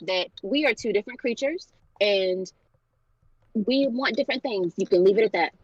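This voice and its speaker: A woman's voice: mid-range voice, normal speed, husky, no room sound. A woman on a podcast, wry and eager to wrap up the topic. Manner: wry, trying to wrap things up. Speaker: podcast co-host. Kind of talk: casual chat. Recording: dry, dull lo-fi sound.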